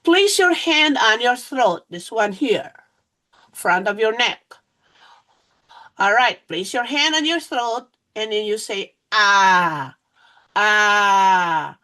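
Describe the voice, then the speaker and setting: A woman's voice: on the high side, lively intonation, takes it slowly, pushed and bright. A woman teacher giving a phonics lesson to young children, patient and repetitive, often saying "all right".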